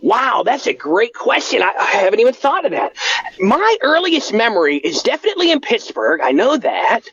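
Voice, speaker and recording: A giddy, gushing man in his thirties who gets louder the more excited he gets, as a man puts him on. His voice is high and bounces around a lot. The recording sounds dull and lo-fi. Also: moderate pace, exaggerated voice. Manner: eager, gushing, shouts when excited. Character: eager excitable 36-year-old man Bart.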